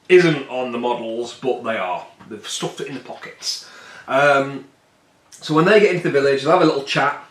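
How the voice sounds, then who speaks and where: Chatty man in an echoey room. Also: mid-range voice. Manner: rambling and jokey, puts on silly voices for the miniatures. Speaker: tabletop wargame player. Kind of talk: casual solo play-through with chat.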